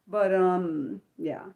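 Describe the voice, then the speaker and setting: An American woman hosting an unscripted livestream, chatting in a rambling, animated way with many fillers and restarts. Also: fairly low pitch, creaky, phone-quality sound. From Maryland, United States. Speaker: livestream host. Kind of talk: unscripted livestream chat, answering viewers.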